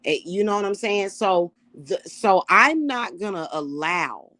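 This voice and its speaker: Middle-aged woman, spiritual reader, defiant profane rant, mid-pitched voice, dry close recording. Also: animated, a little slow, pushed and bright, no room sound. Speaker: self-styled high priestess and spiritual reader. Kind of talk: casual spiritual rant to camera.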